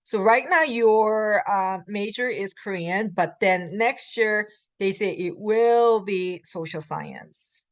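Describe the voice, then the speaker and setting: This is a woman instructor with an American English accent, delivering a recorded grammar lecture. Her pitch sits in the middle of the usual range. She runs through example sentences at speed, then explains them in a slower, relaxed way full of fillers. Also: no room sound. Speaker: Korean language instructor.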